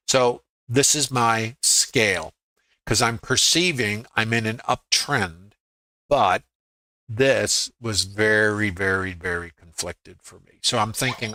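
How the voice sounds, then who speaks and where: A man's voice: on the low side, slow pace, sharp tone, no room sound. A middle-aged man on a live stream, walking through his trades on screen and thinking aloud, quoting his own inner voice as he goes. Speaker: trading educator on a live stream. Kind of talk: live screen-share trading review.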